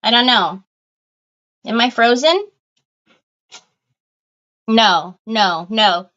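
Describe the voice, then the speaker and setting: Woman host for a home craft livestream: high pitched, slow and easygoing, giggly chat, slightly dull phone audio. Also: sharp tone. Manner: chatty, giggly, greets viewers by name. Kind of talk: casual livestream chat greeting viewers.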